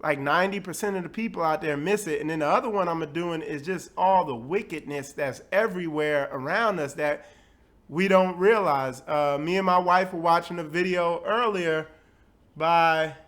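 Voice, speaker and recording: High-voiced man hosting a casual webcast. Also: moderate pace, a bit bright. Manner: loose, conversational, full of fillers and asides. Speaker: host of a bible teaching webcast.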